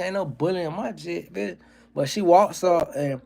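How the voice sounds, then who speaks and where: A man's voice: sits high, unhurried, gravelly, warm tone. Profane, ranting man on a livestream. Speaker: livestream host. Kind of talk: casual livestream chat and comedy.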